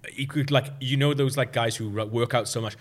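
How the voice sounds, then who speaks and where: A man's voice: medium pitch, steady tone, a little fast. A man, hosting a casual podcast chat and telling a long story with many fillers. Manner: rambling storyteller, lots of fillers. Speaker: podcast host.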